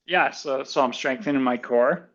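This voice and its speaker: A man chatting as a guest on a podcast, speaking slowly and haltingly with many fillers. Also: medium pitch, a bit bright, lo-fi sound. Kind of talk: casual chat.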